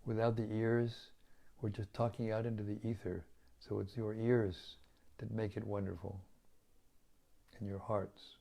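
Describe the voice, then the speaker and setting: An older man with a raspy voice, speaking as a spiritual teacher in a gentle, humble, reflective way while chatting with listeners after a devotional reading on an online call. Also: lowish voice, flat delivery, measured pace.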